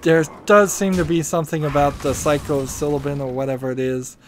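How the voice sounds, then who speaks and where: A man's voice: on the high side, fairly even intonation, brisk, a little hiss or hum. A man hosting a gaming video, musing and rambling as he thinks aloud while playing.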